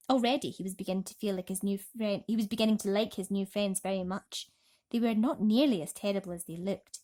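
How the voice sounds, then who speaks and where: A woman reads a children's story aloud at bedtime in a gentle, expressive way. Her voice sits at an ordinary middle pitch. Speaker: storybook reader.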